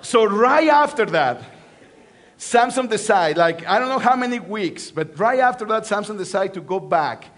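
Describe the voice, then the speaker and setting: A pastor preaching a sermon, telling a story with lots of animation, swinging from loud emphasis to hushed lines and repeating phrases for effect. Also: male voice, sits high, expressive, normal speed.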